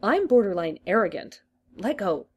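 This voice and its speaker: A woman's voice: mid-range voice, very animated, normal speed, breathy edge. The Doctor, read by a woman, mumbling and sulky. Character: gloomy, sulking male Time Lord. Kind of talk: reading a story aloud.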